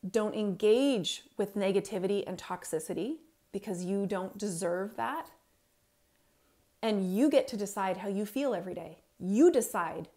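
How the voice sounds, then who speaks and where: A woman's voice: medium pitch, animated, moderate pace, mellow. A middle-aged woman, a parenting coach, giving a motivational stage talk, speaking emphatically to the audience and repeating her key points.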